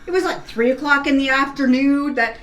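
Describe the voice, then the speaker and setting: A woman's voice: sits high, brisk, a bit bright, recorded from a distance. A woman from Canada telling a blunt, indignant story in casual chat.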